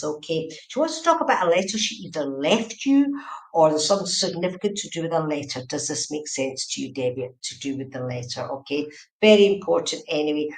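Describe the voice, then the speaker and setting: Woman medium, low-ish voice, chatty repetitive live reading, echoey home room. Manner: repetitive, chatty, keeps checking "does this make sense". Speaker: psychic medium. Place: indoors at home, room with a heater.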